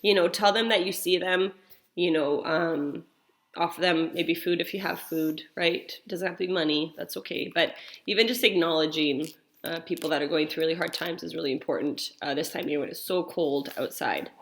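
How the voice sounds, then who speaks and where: A woman's voice: deep voice, moderate pace. A woman in her thirties or forties, a mother telling a family story and then leading a church prayer in a casual, rambling way with many fillers. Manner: chatty, rambling, full of fillers and restarts.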